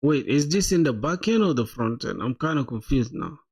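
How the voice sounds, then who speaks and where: A man's voice: medium pitch, lively intonation, normal speed, darkish tone, slightly rough. A man live-streaming his coding, thinking aloud in casual chat, laughing often and calling viewers "bro".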